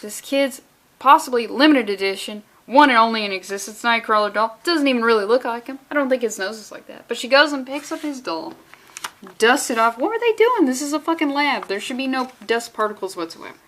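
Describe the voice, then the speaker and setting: A woman vlogging a casual comic book read-along, with sarcastic, profane and animated rants. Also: fairly high pitch, brisk.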